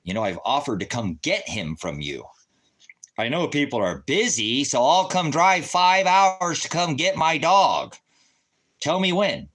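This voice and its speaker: Fired-up guy venting a long story, voice jumping all over, kinda high, swears a lot. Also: sing-song, a little slow, fairly bright tone. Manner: agitated, profane, retells arguments in quoted voices. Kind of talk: casual rant.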